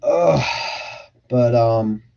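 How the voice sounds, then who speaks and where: A man's voice: mid-range voice, drawn-out words, vocal fry, warm tone. Young male streamer, casual and profane, reading chat questions, lo-fi audio. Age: young adult. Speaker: livestream host. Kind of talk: casual livestream Q&A. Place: his bedroom.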